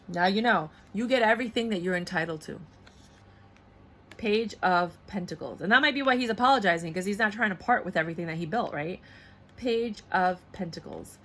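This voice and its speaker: Blunt, animated woman reading tarot. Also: lowish voice. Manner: blunt, animated, acts out voices mid-reading. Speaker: tarot reader. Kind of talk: casual tarot reading to camera.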